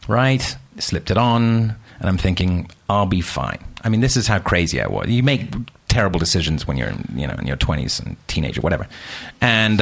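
A man with a lowish voice tells a story about himself with lots of swoops in pitch. He is animated and self-mocking, slipping into the scenes as he goes. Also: gravelly, breathy edge. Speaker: guest telling an anecdote. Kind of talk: casual storytelling.

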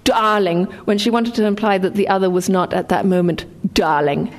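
A woman's voice: medium pitch, fairly even intonation, moderate pace, a crowd in the background. A woman born in England reading her own memoir with dry wit, then talking about writing it. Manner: dry, wry storytelling.

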